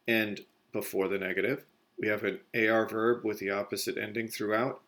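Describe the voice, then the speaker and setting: A male Spanish teacher walks through a recorded grammar lesson step by step, correcting himself as he goes. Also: on the low side. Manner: explains step by step, corrects himself mid-sentence.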